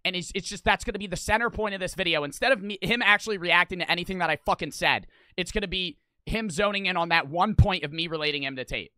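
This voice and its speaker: A young man talks over a video he is reacting to, arguing his side in long, rambling runs full of swearing and restarts. His voice is bright and sits a bit high for a man, and the sound is dry and close with no room around it. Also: fast talker, few pauses, no echo. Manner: argumentative, rambling, swears a lot, many restarts. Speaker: online reaction streamer. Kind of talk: reaction commentary.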